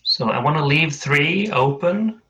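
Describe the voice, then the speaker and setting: Musing man, bright voice. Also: a little high, expressive, measured pace, a little hiss or hum, poor audio. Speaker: tabletop game player. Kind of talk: casual chat over a voice call.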